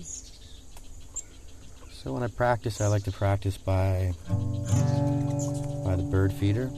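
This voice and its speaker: A singer-songwriter chatting casually between songs in a rambling way, recorded outdoors on a porch with a portable recorder. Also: male voice, lowish voice, slow, long pauses. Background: acoustic guitar playing.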